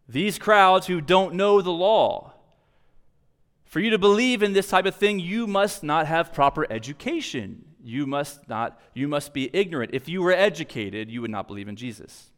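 A man delivers a sermon in a slightly high voice, mixing teaching with relaxed, conversational asides. His words ring out with the long reverb of a large hall. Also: normal speed. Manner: conversational, animated preaching with casual asides. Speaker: pastor.

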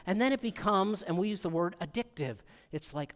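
A middle-aged man gives a sermon from the pulpit, his voice sitting a little high for a man. He preaches in an animated way, dropping low and then rising sharply as he acts out the people he quotes. A long reverb from the church hall trails each phrase. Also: brisk, noisy background. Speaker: pastor.

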